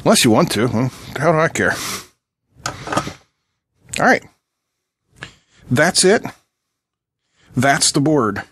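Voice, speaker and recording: A middle-aged man with a slightly high voice hosts an electronics channel, giving a casual tutorial from his home workbench. He jokes and chats with viewers as he solders and tests a board, with a little background noise in the recording.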